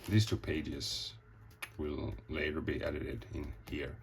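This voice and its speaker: A man talks through his comic pages in a loose, rambling way, swearing freely as he acts out the scenes. His voice sits extremely low and has a rough, gravelly edge. A faint hiss runs under the recording. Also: flat delivery, slow. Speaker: comic artist. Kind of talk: casual show-and-tell.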